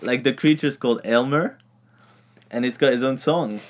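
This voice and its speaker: A man's voice: mid-range voice, moderate pace. A man co-hosting a casual podcast, enthusiastically recommending a cult horror film with many fillers and little laughs. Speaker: podcast co-host.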